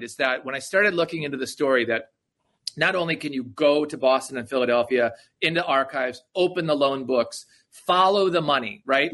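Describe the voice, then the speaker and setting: Here the author's mid-range voice sounds bright and forceful. Interviewed on a podcast, he explains his ideas with enthusiasm and keeps punctuating them with "right?" in a conversational exchange.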